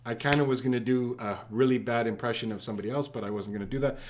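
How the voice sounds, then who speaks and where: A man hosting a live trivia stream, rattling off viewers' locations and shout-outs in an upbeat way. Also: medium pitch, fairly even intonation, racing. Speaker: trivia livestream host.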